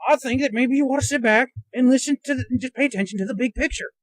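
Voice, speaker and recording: A man's voice: very high-pitched, fast talker, no room sound, voice pushed up. A man putting on a mocking impression of a folksy older male wrestling announcer, drawling and lecturing, recorded in a moving car.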